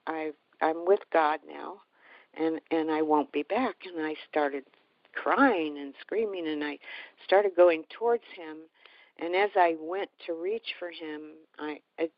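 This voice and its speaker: Woman with a low voice, dry and close, heartfelt and halting storytelling, dull slightly lo-fi sound. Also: no room sound. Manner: halting, heartfelt retelling with many restarts. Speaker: guest telling a personal story. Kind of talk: casual personal storytelling.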